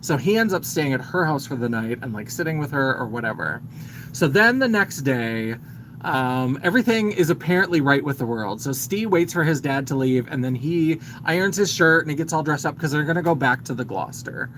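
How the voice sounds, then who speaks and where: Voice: mid-range voice, animated, fairly quick, a bit bright, slight background noise, low-quality recording. A man hosting a live stream, casually retelling a film's plot in a chatty, filler-heavy way and greeting viewers as he goes. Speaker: host.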